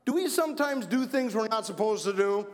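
A man from Wisconsin giving an energetic children's message in church, playful and repeating himself to keep the kids with him. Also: high voice, a little fast. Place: church sanctuary. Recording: long church reverb.

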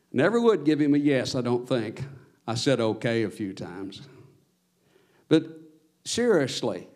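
A man's voice: medium pitch, a little mellow. A man preaching a sermon as pastor, earnest, his voice swelling on his exhortations.

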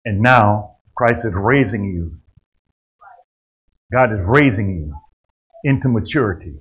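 A man preaching a sermon, rising to loud emphatic passages and dropping to quiet asides. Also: fairly low pitch, expressive, slow pace, breathy edge, low-quality recording.

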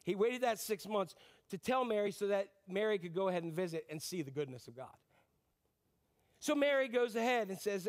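A male pastor delivering a sermon in a high, lively voice. He keeps asking the congregation questions and briefly plays out the people in his story. His delivery is animated and direct. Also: normal speed. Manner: animated, acts out quotes, asks audience questions.

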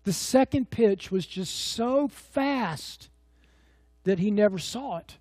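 A middle-aged pastor preaches with a high, mellow voice. He tells stories in a folksy, rambling way, full of fillers and restarts. The sound is close and dry. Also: lively intonation, slow pace, no room sound. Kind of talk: sermon.

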